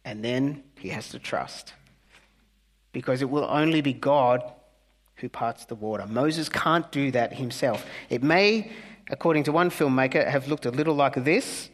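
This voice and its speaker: A male pastor preaching a conversational sermon, earnest, with humorous asides and soft, hushed key words. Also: medium pitch, unhurried. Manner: earnest, softening to near-whispers on key words.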